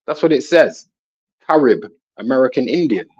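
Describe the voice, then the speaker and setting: A man telling a long personal story in a casual panel talk, rambling and animated, often asking "you know what I'm saying". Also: mid-range voice, moderate pace, husky. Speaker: guest. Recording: dull lo-fi sound.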